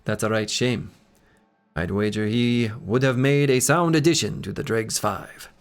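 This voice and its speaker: A man voicing a gruff male mercenary companion with a dry, low-key delivery. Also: measured pace, faint music behind. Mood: wry.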